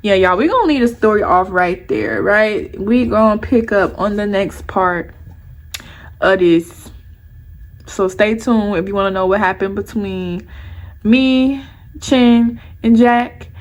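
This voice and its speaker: A young woman vlogger telling a personal story to her viewers in an animated, heated, profane way. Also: medium pitch, slow pace.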